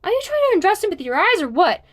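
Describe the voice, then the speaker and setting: A woman's voice: very high-pitched, sing-song, quick pace, a bit bright, pitched above the performer's own voice, exaggerated voice. A woman reading the part of a blunt teenage girl who teases her friend, in an audiobook. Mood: teasing. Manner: blunt, teasing.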